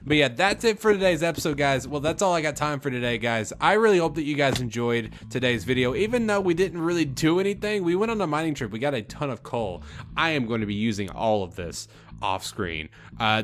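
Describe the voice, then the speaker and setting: A young man talks casually over his gameplay, earnest and rambling, often restarting his sentences. Music plays clearly beneath his voice. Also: mid-range voice, a bit bright. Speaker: let's play host. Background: background music.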